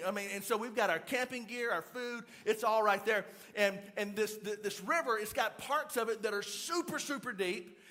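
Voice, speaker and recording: Animated high-voiced pastor preaching. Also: male voice. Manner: animated storytelling, repeats words, acts out shouts. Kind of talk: sermon. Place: church auditorium.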